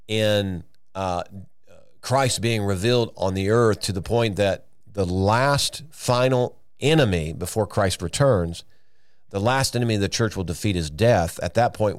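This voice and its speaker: Low-voiced earnest male Bible teacher. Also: no echo. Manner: earnest, emphatic, many "uh" fillers and restarts.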